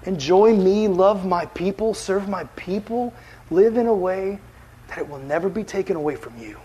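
A man voicing a calm, gentle teacher figure. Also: sits high, slightly rough, dull audio. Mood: tender. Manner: soft, slow and tender. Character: calm, gentle male teacher inviting a listener.

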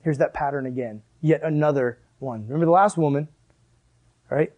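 A man preaching a sermon in a casual, animated way, full of "like" and asides. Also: fairly high pitch, normal speed, highs cut off. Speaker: pastor.

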